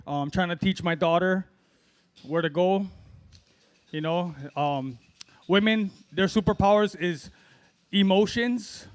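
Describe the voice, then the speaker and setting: Middle-aged guy from hawaii, high-ish voice, rambling stand-up with lots of ums. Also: clean tone. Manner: rambling storytelling with fillers and drawn-out pauses. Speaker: amateur stand-up comic. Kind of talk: open-mic stand-up set.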